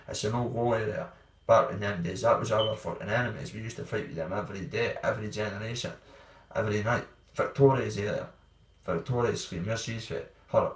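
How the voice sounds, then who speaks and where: A Scottish man telling his own hard stories in a blunt, rambling way, swearing freely. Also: fairly low pitch. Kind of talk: candid personal storytelling. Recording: roomy sound, distant from mic.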